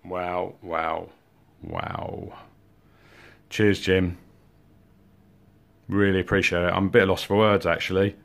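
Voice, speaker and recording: A man's voice: deep voice, flat delivery, measured pace, vocal fry, long pauses. A man hosting an outdoors channel, chatting casually through an unboxing and exclaiming in amazement at each item. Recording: roomy sound from a distant mic.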